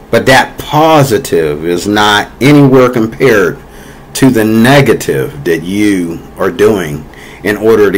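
A man's voice: on the low side, low-quality recording. An American man delivering a political opinion rant in a rambling, repetitive way, full of fillers and growing heated. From United States. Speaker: vlogger.

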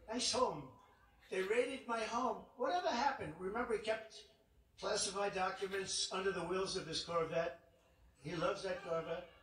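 A man's voice: high-pitched, a bit bright, slight background noise. A man speaking as a political candidate at a campaign rally, emphatic and repetitive, with rambling asides. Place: large indoor arena. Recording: echoey arena, distant mic.

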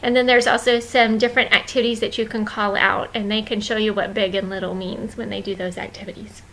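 A woman leading a children's ministry training, walking volunteers through the week's activities in a friendly, instructive way with many pauses and fillers. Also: mid-range voice, little pitch movement, a bit bright, slight background noise, poor audio.

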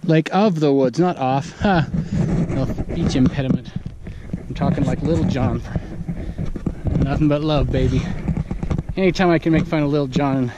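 A man's voice: mid-range voice, normal speed, long pauses, heavy background noise. A man hiking a long trail, talking to his vlog camera outdoors in a casual, enthusiastic, exclamatory way. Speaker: hiker vlogger.

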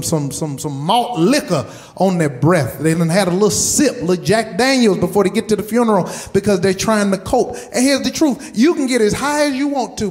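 A man with a high voice delivers a sermon as pastor. He hammers his points home by repeating words and keeps turning to the congregation with direct questions. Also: a little mellow. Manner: emphatic, repeats words for stress.

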